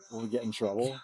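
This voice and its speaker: A man's voice: medium pitch, mellow, breathy edge, no room sound. A man co-hosting a podcast in casual chat, reacting with short laid-back quips.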